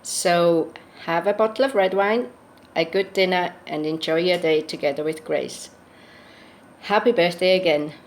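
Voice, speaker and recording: A woman's voice: fairly low pitch, a little slow. A woman recording her first birthday video, offering plain, kindly wishes. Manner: plain, kindly well-wishing. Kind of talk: casual birthday message. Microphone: phone or webcam.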